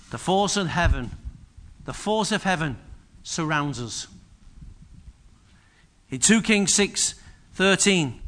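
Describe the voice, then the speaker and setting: A man preaching with a high, bright, forceful voice. He swings between quiet asides and loud, emphatic bursts as he acts out scripture. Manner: energetic preaching, voices biblical figures with sudden loud rises. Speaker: pastor. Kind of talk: sermon.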